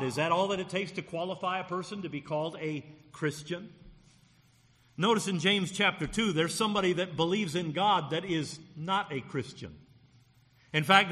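Male pastor, bright and forceful tone, punchy emphasis on key words, long hall echo. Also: on the high side. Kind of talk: sermon.

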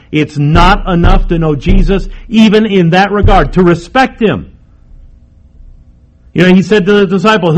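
A man preaching a sermon, emphatic, moving between raised and hushed delivery. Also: high-pitched.

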